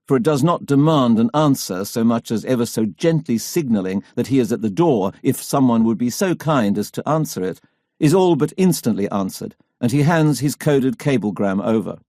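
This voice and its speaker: In a dry, clean studio recording, a mid-range male voice reads a scripted history audiobook. His storytelling is steady, even and measured.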